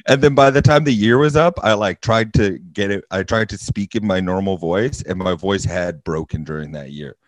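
A man's voice: deep voice, moderate pace, few pauses, no echo. A young man co-hosting a podcast, rambling and self-mocking in casual chat. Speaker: podcast co-host.

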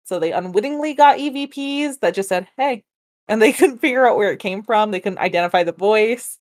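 A woman's voice: mid-range voice, animated, fairly quick. A woman in an easy podcast chat, working through a haunted-house case step by step. She talks loosely, drifts off on asides and breaks into laughter often. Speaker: podcast co-host telling a paranormal case. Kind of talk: casual storytelling chat.

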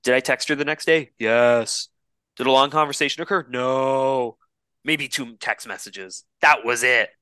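A man's voice: mid-range voice, measured pace, bright, forceful tone, clean tone, no echo. A man in his twenties, a podcast co-host, telling a rambling, profane dating story in casual chat. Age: 20s.

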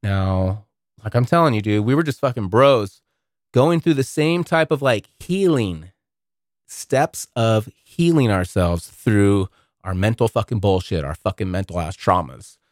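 A man's voice: lowish voice, animated, measured pace, no echo, clean studio sound. A man hosting a podcast, rambling through a casual monologue full of profanity. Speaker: podcast host.

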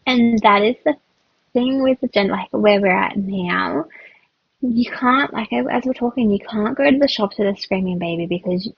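Dry, slightly husky mum chatting. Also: female voice, medium pitch, normal speed, no room sound, muffled recording. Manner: earnest, reassuring, speaks through many fillers. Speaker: podcast co-host. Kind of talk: casual chat.

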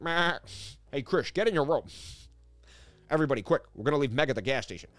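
A man's voice: mid-range voice, lively intonation, fast, fairly bright tone, no echo, soft background music, close to an everyday voice. A man putting on a goofy, dopey middle-aged cartoon father who blurts out careless ideas.

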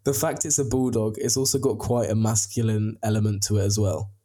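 A man's voice: lowish voice, level tone, brisk, mellow. A young man hosting a podcast, asking questions hesitantly with many fillers. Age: young adult. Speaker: podcast host. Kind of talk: casual interview questions.

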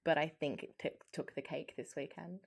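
A woman's voice: sits low, steady tone, moderate pace, creaky, husky. A woman co-hosting a casual podcast chat, playful and steering the topics. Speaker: podcast co-host.

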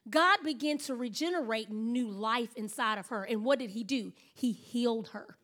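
A woman pastor preaching a sermon in an animated storytelling manner, acting out her own thoughts and laughing often. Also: fairly high pitch, moderate pace.

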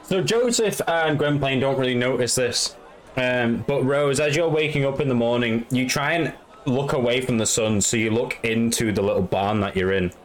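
A man's voice: medium pitch, moderate pace. A man narrating a tabletop game as game master, rambling with many fillers.

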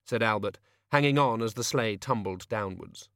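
A man narrating an audiobook with a measured, expressive reading. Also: lowish voice, no echo, clean studio sound.

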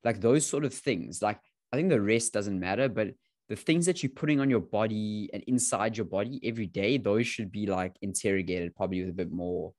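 A man's voice: lowish voice, fairly quick, darkish tone, no room sound, clean studio sound. A man co-hosting a podcast in casual chat, often restarting and searching for the right word. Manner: searching for words, repeats and restarts. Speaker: podcast co-host.

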